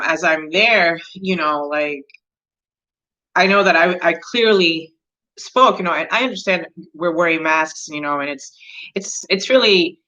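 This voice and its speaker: Lady astrology host, low-ish bright voice, rambly with lots of ums, kinda dull lo-fi sound. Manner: rambling, many fillers, gets heated retelling a story. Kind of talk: casual chat, storytelling.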